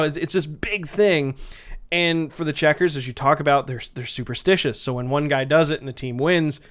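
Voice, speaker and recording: Man hosting a sports chat, slightly high voice. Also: normal speed, smooth. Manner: explains for non-hockey listeners, lively. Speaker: podcast host. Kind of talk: casual sports podcast chat.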